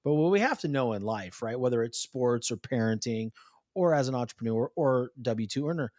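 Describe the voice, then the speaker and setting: A man in his thirties hosts a podcast with an animated, chatty delivery, his voice at a middle pitch. The sound is dry and close, with no room around it. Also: fairly quick, dry recording. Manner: animated, chatty, calls guest "dude". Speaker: podcast host. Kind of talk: casual conversation.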